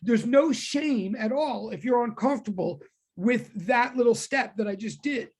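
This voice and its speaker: A woman teaching a physics class online, talking in quick self-correcting bursts. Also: on the high side, slightly rough.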